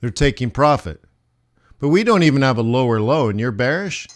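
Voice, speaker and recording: A man's voice: mid-range voice, animated, a little fast. A man running a live forex trading lesson, talking casually and asking the viewers rhetorical questions as he goes over the charts.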